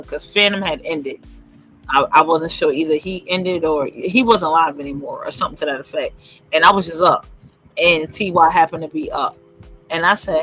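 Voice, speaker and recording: A man's voice: a little high, normal speed, bright, forceful tone, faint music behind, low-quality recording. A man hosting a casual livestream chat, gossipy and laughing often as he acts out what others said. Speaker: host.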